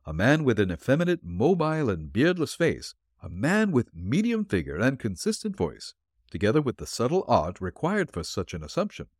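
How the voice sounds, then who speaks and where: A man reading the part of a calm, shrewd male detective who explains his clues dryly. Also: mid-range voice, no room sound, pitched above the performer's own voice. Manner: dry, explanatory, deliberate.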